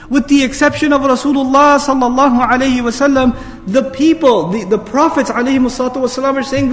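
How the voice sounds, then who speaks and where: A man's voice: extremely high pitch, a little fast, long reverb tail. A man giving an urgent religious lecture, pressing the audience with rhetorical questions and reciting Arabic verses. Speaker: Islamic speaker. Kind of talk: lecture sermon.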